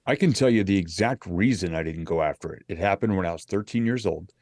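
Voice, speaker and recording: Middle-aged guy telling his story, lively and candid, dry close sound. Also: low voice, quick pace, dry recording. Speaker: guest, motivational speaker. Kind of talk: storytelling in interview.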